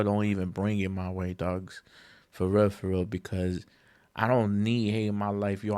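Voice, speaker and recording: Man ranting emphatically on a podcast. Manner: emphatic, slang-heavy, profane rant that jumps in pitch when exasperated. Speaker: podcast host. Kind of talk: casual solo monologue.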